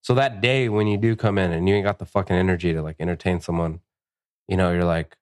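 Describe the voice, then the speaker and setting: A man, a tattoo artist, chatting casually on a podcast with profane, animated storytelling. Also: deep voice, fast.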